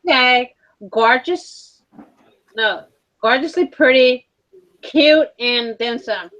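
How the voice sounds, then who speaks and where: A woman relays viewer comments on a live stream, teasing and joking in casual chat. Her voice sits a little high. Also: takes it slowly, fairly bright tone, muffled recording. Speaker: co-host reading viewer comments.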